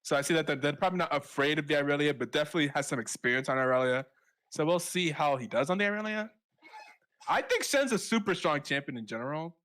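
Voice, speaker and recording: A man's voice: fairly high pitch, lively intonation, fast talker, a bit bright. A man from the southern United States casting an esports match in a casual, rambling way, full of fillers and self-corrections. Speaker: esports shoutcaster. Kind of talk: casual live esports commentary.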